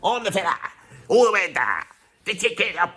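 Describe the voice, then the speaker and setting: A man voicing a brash young male punk band member with a put-on Cockney accent, talking with a shouty swagger. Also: high-pitched, big pitch swings, moderate pace, pitched above the performer's own voice, full character voice. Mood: cocky.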